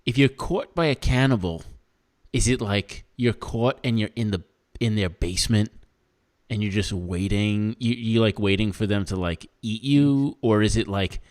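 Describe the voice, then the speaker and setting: A man's voice: on the low side, moderate pace. A man with a Canadian accent chatting casually on a podcast, joking around and laughing often. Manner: laughs often, jokey and animated, lots of fillers. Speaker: podcast co-host.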